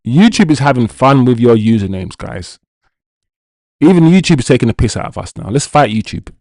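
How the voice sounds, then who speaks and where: A man's voice: medium pitch, lively intonation, brisk, a little mellow, no room sound, studio quality. A young man hosting a football watch-along stream, ranting, swearing and talking to his chat. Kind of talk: live-stream commentary and chat.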